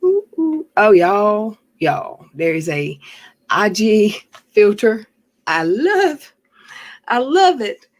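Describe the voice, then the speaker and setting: A woman's voice: mid-range voice, big pitch swings, slow. A woman hosting a casual livestream, chatting in a rambling way and laughing often. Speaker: livestream host.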